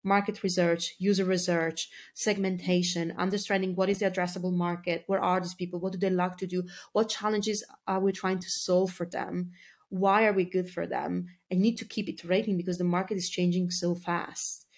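A woman's voice: on the low side, level tone, normal speed, darkish tone. A woman speaking as a marketing guest on a podcast, talking in a chatty, filler-heavy casual way and laughing easily. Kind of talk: casual interview talk.

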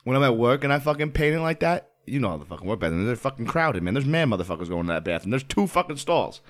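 A man's voice: mid-range voice, very animated, quick pace. A young man co-hosting a podcast, telling crude stories in casual chat, swearing often and laughing through them. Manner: profane, laughing storyteller. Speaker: podcast co-host.

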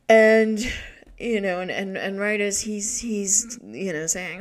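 A woman's voice: medium pitch, very slow, pauses often. A woman hosting a solo podcast in a rambling, profane way, laughing often and restarting her sentences. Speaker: podcast host. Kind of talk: casual solo podcast talk.

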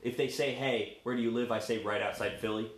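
A man's voice: mid-range voice, steady tone. Crude joking young man, echoey room. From South Jersey. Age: young adult. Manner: crude, joking, quick comebacks. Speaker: podcast co-host. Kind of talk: casual chat.

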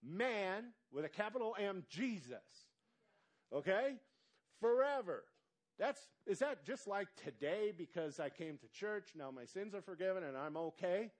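A male pastor preaching a sermon, asking the congregation quick questions and stretching out words for emphasis. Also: high-pitched. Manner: animated preaching with call-and-response questions to the congregation.

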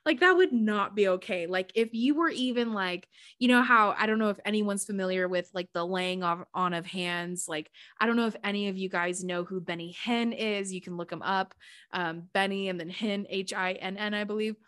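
A woman's voice: mid-range voice, moderate pace, a bit bright. A woman hosting her own podcast in a casual, confessional monologue, chatty and full of "like" fillers, with frequent laughs. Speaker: podcast host.

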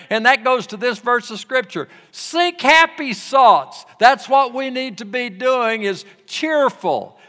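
An older man preaching a sermon, telling folksy stories slowly and lifting his voice on the lines he quotes. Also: high-pitched, bright, forceful tone, long reverb tail. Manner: slow, folksy storytelling with rising emphasis on quoted lines.

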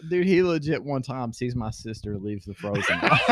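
Brief: man, 30s, crude laughing co-host, animated higher voice. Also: measured pace, no echo. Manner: laughs a lot, crude storytelling. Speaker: podcast co-host. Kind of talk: casual chat.

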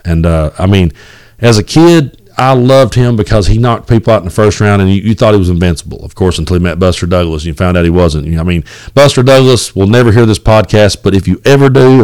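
Low-voiced East Tennessee podcast host. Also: male voice, darkish tone, no echo. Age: 40s. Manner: rambling and folksy, with many fillers and cussing. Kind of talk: casual solo podcast monologue. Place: home, at his kitchen table. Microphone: home recording setup.

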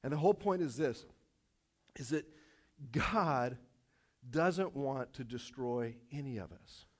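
A man preaching a sermon to his congregation, animated and repetitive, dropping light self-aware jokes along the way. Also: medium pitch, slow pace. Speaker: pastor.

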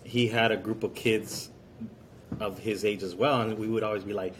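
A man's voice: fairly low pitch, steady tone, normal speed, heavy background noise. Rambling male podcast co-host. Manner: rambling storyteller, many fillers. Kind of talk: casual chat.

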